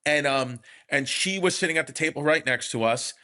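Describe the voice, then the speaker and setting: A man's voice: on the high side, moderate pace, bright, forceful tone. A man hosting a comedy podcast, telling stories in a rambling way with lots of fillers and restarts. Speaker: podcast host. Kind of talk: casual comedy podcast chat.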